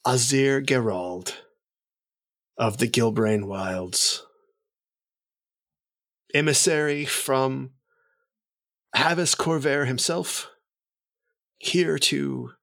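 A man's voice: medium pitch, lively intonation, drawn-out words, creaky, long pauses, a bit bright, voice pushed up, heavily acted. A man voicing a foppish male elf noble with polished, courtly manners.

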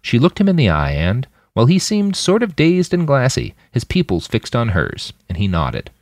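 A man narrating a thriller audiobook in an expressive, dramatic manner. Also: mid-range voice, normal speed, no echo, clean studio sound. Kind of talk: scripted narration.

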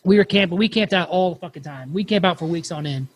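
High-voiced man telling a creepy story. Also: fast talker. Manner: swears freely, animated storyteller. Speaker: podcast host. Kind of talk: casual storytelling.

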